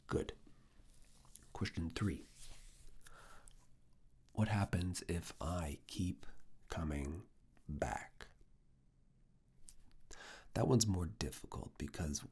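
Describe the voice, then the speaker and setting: A creator in a whispered role-play as a university professor, coaxing and quietly commanding, close to the mic. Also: deep voice. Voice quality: breathy whisper. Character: teasing university professor giving private review. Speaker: ASMR roleplay creator.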